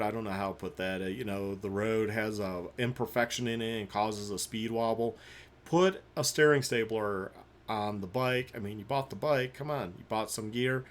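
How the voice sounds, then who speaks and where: A man's voice: medium pitch, a little hiss or hum. A man hosting a reaction video, giving sarcastic, opinionated commentary on riding clips.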